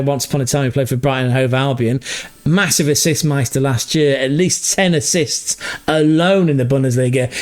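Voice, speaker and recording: A man casually recapping a football match as a podcast host, chatty and self-correcting, laughing as he stumbles over foreign player names. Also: on the high side.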